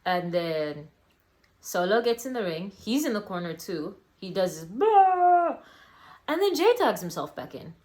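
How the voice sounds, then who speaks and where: A woman's voice: lowish voice, very animated, moderate pace, a little mellow. A young woman casually reviewing a wrestling event, rambling with lots of fillers and self-corrections. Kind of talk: casual solo review vlog.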